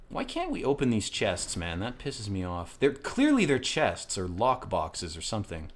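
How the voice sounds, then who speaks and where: A man hosting a let's play, rambling through casual, profane gameplay commentary with excitable outbursts. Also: fairly low pitch, moderate pace, few pauses.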